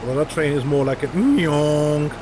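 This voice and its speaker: German-accented male streamer, slightly high voice, joking running commentary, noisy recording. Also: a little slow. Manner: chatty, joking, thinks aloud. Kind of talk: casual gameplay commentary. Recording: noisy background hiss.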